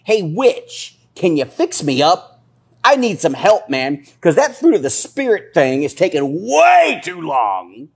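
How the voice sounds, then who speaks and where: A man voicing an impatient, whiny man who begs a witch for a quick fix, his voice thin and husky. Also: a little high, huge pitch swings, voice pushed up, heavily acted. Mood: pleading.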